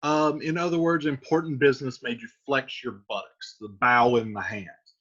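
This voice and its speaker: A man explaining a play in a relaxed, chatty classroom manner, with frequent fillers. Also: mid-range voice, moderate pace, husky. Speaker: teacher. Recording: dull lo-fi recording.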